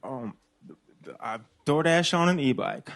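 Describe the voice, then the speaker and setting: A man in his thirties from Illinois, answering questions on a comedy club stage in a slow, hesitant, deadpan way full of fillers. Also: on the high side. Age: 30s. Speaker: comedian being interviewed. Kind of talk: slow halting comedy chat.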